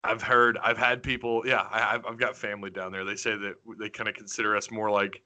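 A man from Arkansas with a mild Arkansas accent, hosting a casual sports podcast in an animated, joking way. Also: on the low side, a little fast. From Northwest Arkansas. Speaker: podcast host.

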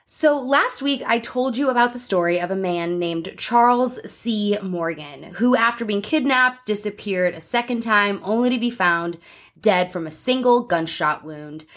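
A woman's voice: medium pitch, animated, normal speed, fairly bright tone. A woman hosting a casual true-crime podcast, telling a story and laughing often. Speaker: podcast host.

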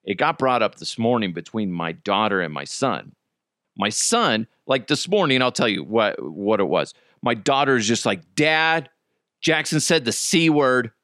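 A man's voice: fairly low pitch, normal speed, no echo, studio quality. A middle-aged man hosting a casual solo podcast, telling crude jokes and stories while hiccuping. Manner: crude, joking, animated storytelling. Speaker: podcast host.

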